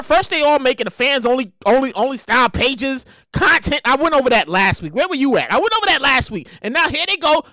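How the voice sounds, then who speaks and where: A young woman from New hosting her own show, ranting in casual comedic commentary, swearing freely and acting out people in quick voices. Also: high-pitched, sharp tone, dry recording, studio quality. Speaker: podcast host.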